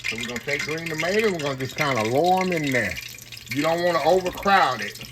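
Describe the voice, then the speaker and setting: A man's voice: on the high side, lively intonation, fast talker, background noise. A man hosting a casual home cooking demo, chatty and saying "y'all" a lot. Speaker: home cook channel host. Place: home kitchen, frying on the stove. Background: frying sizzle.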